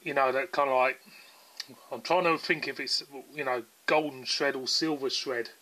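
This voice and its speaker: A man's voice: medium pitch, fairly even intonation, normal speed, bright, forceful tone. A man with a southern English accent, casually reviewing a beer in a rambling, chatty way with lots of fillers. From England.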